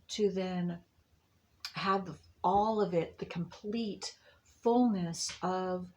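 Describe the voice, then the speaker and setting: A woman giving a monthly intuitive reading to her viewers, rambling and restarting with many fillers in a reassuring tone. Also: on the low side. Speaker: astrology and tarot reader.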